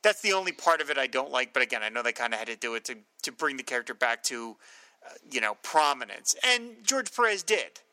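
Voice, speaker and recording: A man co-hosting a casual comics podcast, speaking haltingly with many fillers and reading entries aloud. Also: mid-range voice, big pitch swings, pushed and bright, no echo, rough recording. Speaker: podcast co-host.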